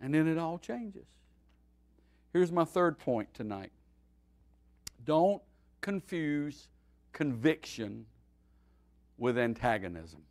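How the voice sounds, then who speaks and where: A pastor teaching a midweek Bible study, his voice sitting a little high for a man. He preaches in a folksy, animated way, pushing loud on his points and dropping to a near murmur between them. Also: slow pace, pauses often. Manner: folksy, animated preaching with wide swings in loudness.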